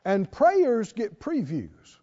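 A man preaching in a church, with a high, lively voice that climbs and falls as he stresses each word. He speaks slowly and draws out each scripture line. The recording sounds dull and lo-fi, with a long reverb from the hall. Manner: folksy, asks the audience questions. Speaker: pastor. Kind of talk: sermon.

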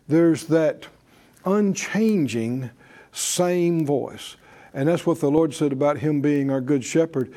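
A man's voice: fairly high pitch, mellow. A man preaching a sermon, leading the congregation in call-and-response.

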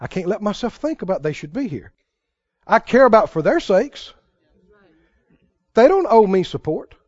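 A man preaching a sermon as pastor, fervent, with sudden bursts of loud praise. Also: sits high, sing-song, moderate pace, no room sound, dull audio.

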